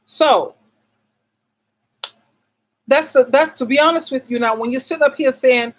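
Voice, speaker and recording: A woman's voice: sits high, normal speed, long pauses, poor audio. A middle-aged woman hosting an advice channel, talking casually and bluntly, asking herself rhetorical questions and repeating words for stress. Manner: emphatic, asks rhetorical questions and answers them herself. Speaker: relationship advice channel host. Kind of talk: casual advice monologue to camera.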